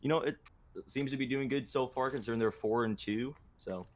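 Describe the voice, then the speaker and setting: A man's voice: mid-range voice, fairly quick, slight background noise. A man doing color commentary on a live esports match, in a casual, loose way full of fillers. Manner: casual, filler-heavy with frequent "uh, you know".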